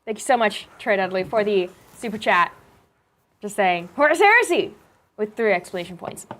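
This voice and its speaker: A woman's voice: medium pitch, fairly even intonation, moderate pace, fairly bright tone. A woman hosting a live stream, cheerfully reading out viewer messages. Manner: upbeat, reads out viewer messages. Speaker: stream host. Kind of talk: casual live stream chat.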